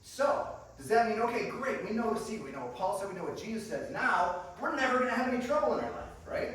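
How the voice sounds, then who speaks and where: Guy giving an upbeat sermon, kinda high voice, loud church echo, mic far off. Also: big pitch swings, fast, slight background noise. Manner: enthusiastic, calls congregation friends, laughs often. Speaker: guest preacher. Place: church sanctuary. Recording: echoey room picked up from a distance.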